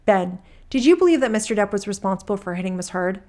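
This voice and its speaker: A woman reading a court transcript aloud, voicing a male attorney who asks the witness measured questions. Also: mid-range voice, expressive, dark tone, lightly acted.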